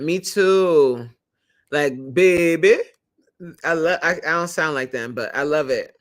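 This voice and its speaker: A woman hosting a casual livestream, chatty, laughing often and reading viewer comments aloud. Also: low voice. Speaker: livestream host and creator coach.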